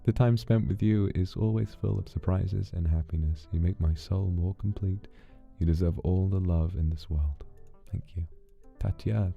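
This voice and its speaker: A man streaming from home who reads out thanks to his fans in a soft, intimate way and is close to tears. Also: deep voice, gravelly. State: emotional, holding back tears. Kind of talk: casual livestream talk, reading out fan thanks. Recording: dull lo-fi audio with faint music.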